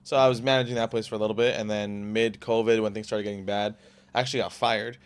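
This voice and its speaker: Brief: young man in his 20s, fast-talking podcast guest, rambling and restarting, plain casual delivery. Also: lowish voice, level tone, clean tone. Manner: rapid, rambling, full of "like" and restarts. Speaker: podcast guest, car salesman. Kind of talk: casual storytelling.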